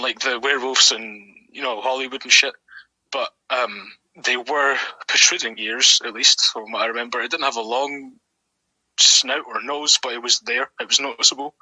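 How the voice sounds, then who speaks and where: A man's voice: mid-range voice, bright, forceful tone, slightly rough, no echo, low-quality recording. A young Scottish man telling a story in a casual, rambling way, swearing often and filling his talk with ums and likes. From Scotland. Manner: rambling and sweary, with many fillers. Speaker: guest.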